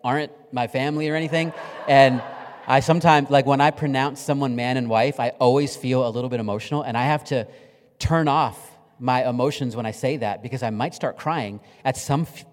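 A middle-aged pastor preaches in a church sanctuary on a stage mic, his fairly quick, mid-range voice trailing the long reverb of a large hall. He tells stories conversationally, mixing emotion with humor.

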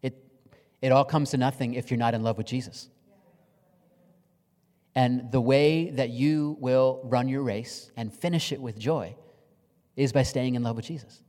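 A man's voice: mid-range voice, measured pace, pauses often, warm tone. A middle-aged man preaching a sermon as a pastor, telling stories in a conversational, emotional and humorous way on a stage mic in a church sanctuary. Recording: long reverb of a large hall.

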